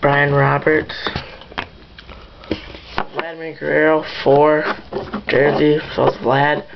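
A young man in a casual vlog, showing his card collection and naming the cards haltingly, with many fillers. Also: a little high, monotone, vocal fry. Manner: mumbling, lists items haltingly with many fillers. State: annoyed after a chipped tooth. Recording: muffled lo-fi home recording with background noise.

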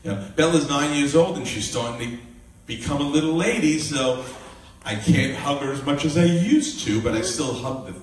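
A man preaching, telling family stories with lively, animated delivery and acting out the voices of his kids. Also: fairly high pitch, normal speed, slight background noise. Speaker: minister. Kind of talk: sermon. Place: hall with live audience. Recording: echoey room from far off with faint ambience.

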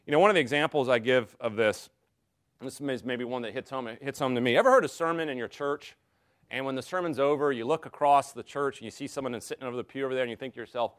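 A man teaching a classroom Bible study, his voice at an ordinary middle pitch. He lectures in an earnest, conversational way and keeps asking his listeners questions. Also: fast talker.

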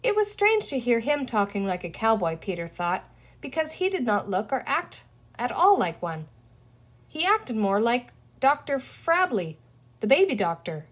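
A woman reading a children's novel aloud in an expressive storytelling voice. Her pitch sits a little high and moves a great deal, rising and falling through each sentence. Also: a little slow. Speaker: audiobook reader. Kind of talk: children's book read aloud.

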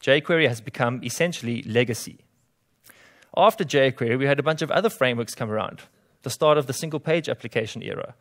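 South african guy giving a conference talk, dry jokes, mid pitch. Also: brisk. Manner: dry self-deprecating humor. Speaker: conference speaker. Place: conference room.

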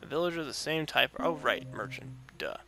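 A gravelly-voiced let's play host comments on his own video game session through a desk microphone, reading game text out loud, talking to himself, and yelping and groaning at setbacks. He pitches high with big swings and talks a little fast, and music plays in the background.

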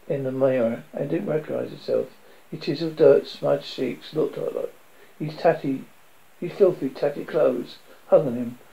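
Gravelly, dark-voiced male narrator. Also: on the high side, dull audio. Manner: steady storytelling. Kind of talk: scripted audiobook narration.

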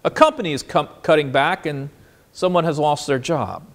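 A man preaching a sermon as pastor, asking listeners questions and moving between quiet and animated delivery. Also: on the high side, normal speed. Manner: expressive, swings between soft and animated.

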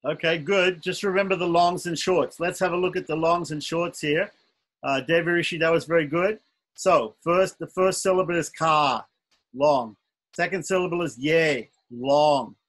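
A man's voice: fairly high pitch, normal speed, a bit bright, rough recording. A man teaching an online chanting class, patiently going syllable by syllable and often correcting himself.

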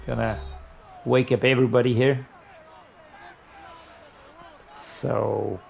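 A man giving gameplay commentary on a football video game, muttering low between plays and breaking into loud, frustrated outbursts. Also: gravelly, a little hiss or hum. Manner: frustrated, ranting and swearing at the game. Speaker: gaming YouTuber.

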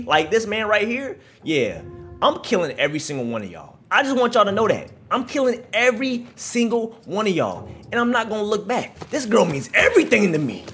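Animated man trash-talking during a game. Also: sits high, slight background noise. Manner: animated, slangy, trash-talks enemies. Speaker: gaming channel host. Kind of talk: live reaction commentary over a playthrough.

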